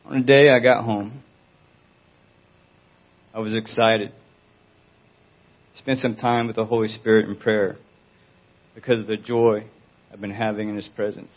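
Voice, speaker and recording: A man's voice: fairly low pitch, flat delivery, a little slow, pauses often, lo-fi sound. A man giving an earnest, pleading Christian testimony.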